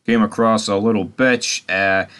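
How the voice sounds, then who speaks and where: A man's voice: fairly low pitch, fairly even intonation, a little slow, a bit bright, clear, resonant tone. A man giving a casual, profanity-heavy TV recap, opinionated and mocking. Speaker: TV series recapper.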